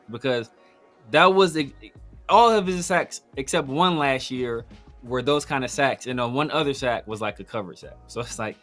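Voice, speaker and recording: Bright-voiced, chatty male co-host. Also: medium pitch, moderate pace, soft background music. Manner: animated, chatty, acts out his own reactions. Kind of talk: casual sports podcast chat.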